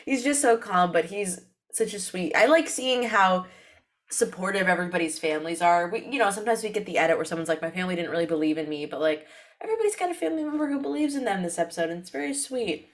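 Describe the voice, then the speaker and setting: A woman co-hosting a podcast, chatting in a lively way and often laughing. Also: medium pitch, quick pace. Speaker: podcast co-host. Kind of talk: casual chat.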